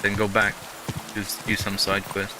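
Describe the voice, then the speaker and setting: A man's voice: on the low side, monotone, normal speed, background noise. A man hosting a gaming channel, chatting casually through gameplay in a rambling way full of fillers.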